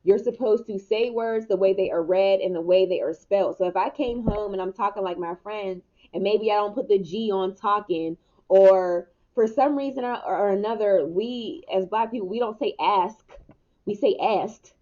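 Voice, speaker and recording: A woman's voice: mid-range voice, normal speed, warm tone. A young adult woman giving a casual spiritual tarot reading, candid and laughing often, with occasional swearing. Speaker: tarot reader. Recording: muffled mic with noticeable hiss.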